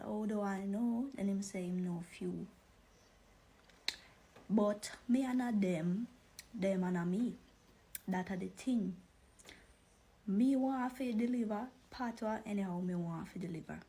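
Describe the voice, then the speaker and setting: A woman's voice: medium pitch, a little slow, long pauses, mellow, a little hiss or hum, low-quality recording. A woman with a Jamaican accent, talking defiantly and unbothered to camera. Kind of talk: casual commentary to camera.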